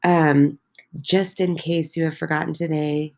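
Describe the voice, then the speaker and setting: A woman's voice: low voice, level tone, a little slow, gravelly, darkish tone. A woman teacher walking her middle school class through the day's posts, encouraging, with many filler ums. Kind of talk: recorded class walkthrough.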